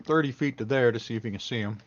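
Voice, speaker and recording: A man's voice: mid-range voice, fast, no echo. Casual, cursing male player. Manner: casual, swears freely. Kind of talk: playing a tabletop game. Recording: dry, slightly muffled online audio.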